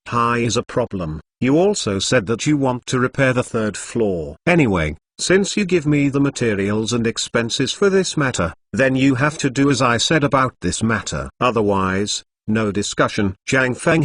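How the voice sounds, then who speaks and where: A male narrator reads a web novel in an uneven, stilted rhythm, breaking lines at odd points. His pitch swings widely up and down. The sound is close and dry, with no room around it. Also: no echo. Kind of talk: machine-read novel narration.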